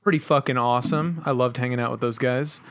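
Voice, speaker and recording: A young man chatting casually with friends, laid-back and halting, pausing with fillers as he tells a story. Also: mid-range voice, steady tone, fairly bright tone, no echo, studio quality.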